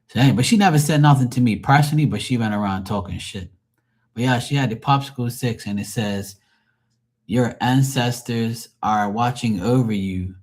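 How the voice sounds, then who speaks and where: A man's voice: medium pitch, fast talker, husky. A man doing a live tarot stream, ranting in a profane, mocking, rambling way to his chat.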